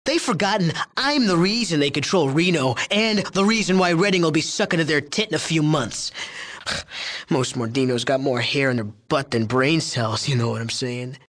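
Sneering and profane, this actor's take on a cocky, crude young drug chemist in a video game is boastful and mocking. His voice runs on the high side, with lively intonation, a moderate pace and a fairly bright tone.

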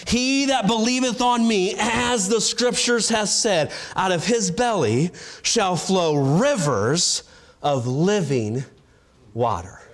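A man preaching a revival-style sermon in a fairly high voice. He swings between loud, shouted climaxes and hushed, low endings on phrases, with dramatic pacing throughout. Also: lively intonation, slow. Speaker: evangelist preaching.

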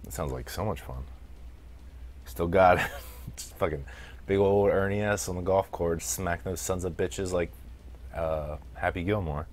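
A deep-voiced American man talks through a wrestling game on his stream in an easygoing, chatty way. He laughs a lot and swears freely as he answers the chat. The recording sounds like a desk mic at a gaming setup. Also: unhurried, pauses often, a little hiss or hum. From United States. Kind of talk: casual let's-play commentary while reading chat.

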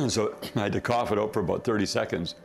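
A man's voice: on the low side, sing-song, brisk, gravelly, faint music behind. A man, a company founder, telling a rambling story in a casual interview, correcting himself often and laughing.

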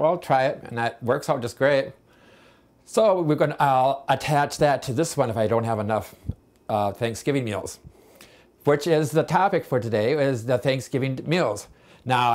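A man's voice: medium pitch, darkish tone. A man hosting a home cooking show, talking in a rambling, chatty way full of asides.

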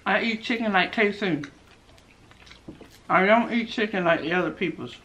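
A woman's voice: medium pitch, normal speed, fairly bright tone, a little hiss or hum. A young woman, chatting casually and laughing as she eats for a mukbang video. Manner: chatty, laughs often, addresses viewers as y'all. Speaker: mukbang vlogger. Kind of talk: casual chat while eating.

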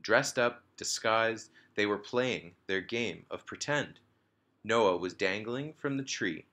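Man reading a storybook aloud, bright voice. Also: fairly low pitch, slow. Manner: lively storytelling, small slips and restarts. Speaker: teacher reading to his class. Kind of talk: reading a children's book aloud.

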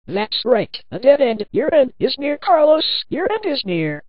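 A woman's voice: mid-range voice, very animated, unhurried, no echo, dull audio. A woman voicing a possessed, murderous schoolgirl who taunts her victims in a menacing tone.

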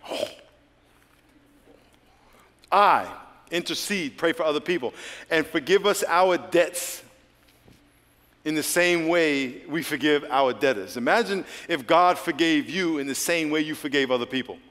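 A male pastor preaching a sermon, swinging between loud, lively exhortation and hushed prayer. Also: a little high, unhurried, pauses often. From United States. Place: large church hall. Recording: long hall reverb.

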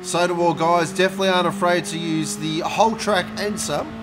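A man commentating a sim race, joking and bursting out loud at each incident. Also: sits high, fairly even intonation, brisk, music in the background. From Australia. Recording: noisy with engine sound behind.

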